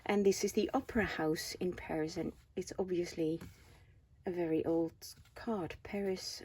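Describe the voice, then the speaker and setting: A woman's voice: lowish voice, fairly even intonation, moderate pace, mellow, slight background noise. A woman in her forties from the Netherlands with a Dutch accent, chatting casually as she shows off items from a craft haul and asks the viewers questions. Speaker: craft vlogger. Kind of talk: casual show-and-tell chat.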